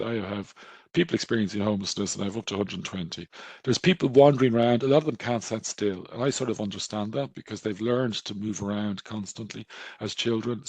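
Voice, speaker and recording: A man's voice: medium pitch, gravelly, breathy edge, dry recording. A middle-aged Irish man, a doctor giving a webinar lecture, telling stories conversationally and acting out the dialogue. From Ireland. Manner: conversational storytelling, acts out quoted dialogue. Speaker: GP presenting a webinar.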